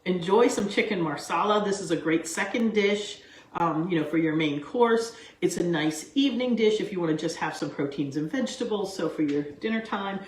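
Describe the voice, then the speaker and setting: A woman hosting her own cooking show, chatting excitedly and wandering off on tangents, recorded in a kitchen. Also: on the low side, normal speed, slight background noise. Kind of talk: casual cooking vlog chat. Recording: echoey kitchen room sound.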